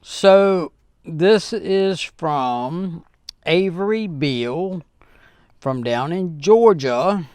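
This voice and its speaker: A man with a fairly high, smooth voice talks to his viewers slowly and earnestly, full of ums, uhs and restarts. The sound is close and dry, with no room around it. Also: expressive, darkish tone, no room sound. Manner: halting, with many fillers and restarts; earnest and heartfelt. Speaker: channel host. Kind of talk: casual vlog talk to viewers.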